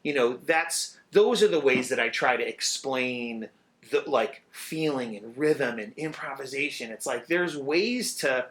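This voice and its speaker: A middle-aged man, a drummer, talking in a casual interview, animated and swearing freely as he sings out rhythms. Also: medium pitch, measured pace.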